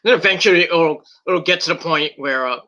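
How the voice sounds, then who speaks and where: A man's voice: a little high, a little fast, sharp tone, muffled recording. A man recapping and reviewing a wrestling event in a casual, rambling way, with lots of fillers, restarts and swearing.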